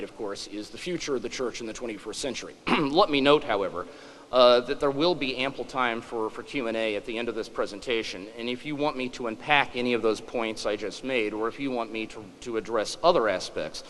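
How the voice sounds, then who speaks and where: A man's voice: mid-range voice, a bit bright, in a large hall, slight background noise, low-quality recording. A man in his forties giving a humorous public lecture, wry and self-deprecating. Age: 40s.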